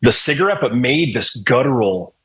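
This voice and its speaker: A man's voice: medium pitch, lively intonation, normal speed, a bit bright, breathy edge, rough recording. A middle-aged man, a hardcore singer, telling loose, profane, joking stories as a podcast guest. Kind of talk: casual storytelling interview.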